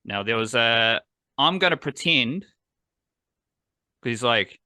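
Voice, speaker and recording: A man's voice: mid-range voice, expressive, takes it slowly, pushed and bright, smooth, no echo. A man hosting a casual sports podcast, rambling and enthusiastic. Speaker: podcast host.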